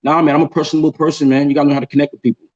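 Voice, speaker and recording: A man hosting a casual group chat on a video call, telling a story in an animated way and often repeating words. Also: fairly high pitch, racing, dull audio. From New York. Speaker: show host.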